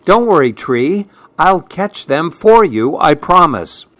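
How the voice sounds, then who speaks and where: A man's voice: a little high, big pitch swings, slow, a bit bright, pitched above the performer's own voice, heavily acted. A man voicing an anxious, caring little male woodland animal in a storybook, pleading earnestly. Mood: worried.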